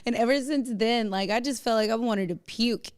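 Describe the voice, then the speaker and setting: A woman's voice: a little high, moderate pace, smooth. A woman hosting a podcast in casual chat, bubbly and laughing often, with frequent swearing. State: nauseous. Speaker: podcast host.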